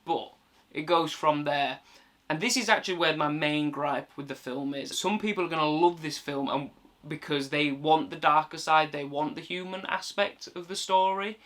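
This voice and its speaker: Chatty man, bright tense voice. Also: fairly high pitch, normal speed. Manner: chatty, swears freely, recounts plot at length. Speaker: film reviewer. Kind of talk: casual film review monologue.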